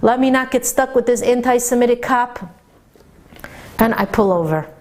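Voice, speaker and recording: A woman who teaches religious classes to women, telling a story in an animated, excited way and often stammering over repeated words. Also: fairly high pitch, moderate pace. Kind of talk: storytelling lecture.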